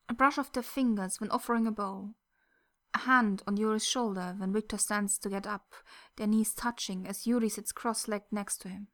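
A woman narrating a fan fiction story in a soft, gentle reading voice that at times drops close to a whisper. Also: fairly high pitch.

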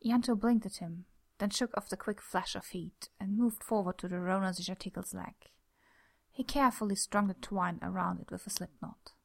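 Woman with a gravelly reading voice. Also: mid-range voice, steady tone, moderate pace. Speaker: audiobook narrator. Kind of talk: storybook narration.

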